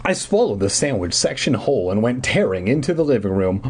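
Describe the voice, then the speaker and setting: A man's voice: mid-range voice, sing-song, fairly quick, few pauses, husky. A man in his twenties reading a children's book aloud on a podcast, with wry, self-mocking asides. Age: 20s.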